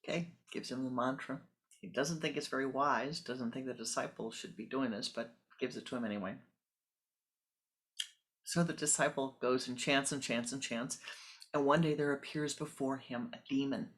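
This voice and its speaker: A spiritual teacher giving a sermon, telling a parable calmly and guiding a meditation. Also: mid-range voice. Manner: calm, measured storytelling with pauses.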